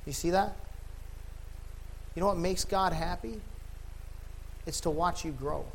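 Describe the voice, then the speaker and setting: A tired man preaching a sermon, reading scripture and swinging from loud emphatic peaks to low quiet stretches. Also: measured pace, vocal fry, a little hiss or hum. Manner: sweaty and laughing at himself between scripture readings. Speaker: pastor.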